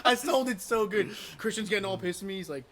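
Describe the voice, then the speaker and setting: A young man co-hosting a podcast, tipsy, telling a prank story with loud laughs, swearing and acted-out quotes. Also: high-pitched, fast talker, a crowd in the background. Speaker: podcast co-host. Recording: noisy home recording.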